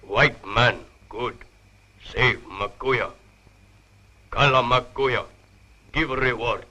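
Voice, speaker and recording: A grave old chief. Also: male voice, mid-range voice, pushed and bright, heavily acted. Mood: solemn. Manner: broken English, slow and grave. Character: solemn old tribal chief, generous. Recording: old 1960s TV soundtrack with music.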